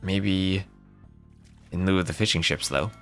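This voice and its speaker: A man's voice: low voice, measured pace, fairly bright tone, soft background music. A man casting a live strategy game match, calling plays and chatting with viewers between fights. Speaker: esports caster.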